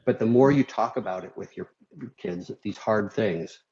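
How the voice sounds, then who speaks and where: With a lowish, slightly mellow voice at a moderate pace, a middle-aged Minnesota surgeon chats as a podcast guest. He rambles candidly, says "you know" often, and laughs as he shares stories. The lo-fi recording is a little dull.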